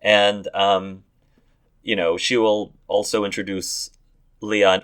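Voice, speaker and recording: A man's voice: on the low side, flat delivery, slow, fairly bright tone, clean tone. A man narrating a tabletop game as game master in a casual, rambling way. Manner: casual, rambling, many fillers.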